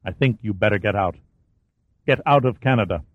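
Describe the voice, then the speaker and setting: A man's voice: on the low side, a little fast, no echo, lightly acted. A man reading an audiobook, voicing an indignant, angry male prime minister. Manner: angry, hissing. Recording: dry, phone-like narrow sound.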